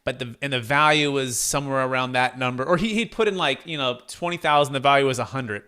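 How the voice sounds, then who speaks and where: A man's voice: mid-range voice, fast, smooth. A man being interviewed as an advisor, telling a story in a conversational way and acting out the dialogue. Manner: animated, acts out quoted dialogue; conversational, frequent fillers and restarts. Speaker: guest, tax deferral advisor.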